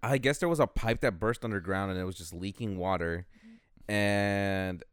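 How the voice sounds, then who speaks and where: A man's voice: sits low, moderate pace, smooth, no room sound, studio quality. A young man co-hosting a casual podcast, rambling through a work story and acting out what others said. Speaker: podcast co-host. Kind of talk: casual chat.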